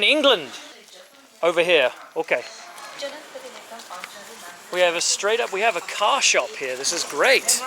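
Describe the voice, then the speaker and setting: Upbeat high-voiced man vlogging outdoors. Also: sharp tone. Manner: upbeat, chatty, speaks slowly and simply to locals. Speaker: travel vlogger. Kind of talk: casual travel vlog chat. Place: outdoors at a street-side car yard. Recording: outdoor street noise and passing traffic.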